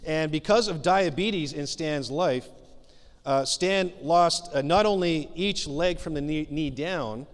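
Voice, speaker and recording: A man preaches a sermon from the pulpit, his voice sitting a little high for a man. He talks earnestly and conversationally, leaning on frequent filler pauses. The sound carries a long reverb, as from a church sanctuary. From Canada. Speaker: pastor.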